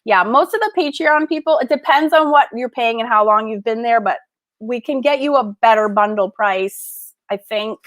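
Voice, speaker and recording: A woman's voice: a little high, normal speed, fairly bright tone. A woman hosting a casual livestream, unboxing art books and gushing with gasps and laughs. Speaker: art school host.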